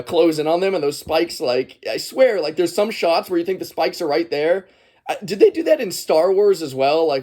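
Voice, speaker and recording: A man talks through a film in a loose, meandering commentary, chuckling often as he goes. His voice sits a little higher than most men's. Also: a little mellow. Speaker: movie reviewer. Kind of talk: casual movie commentary.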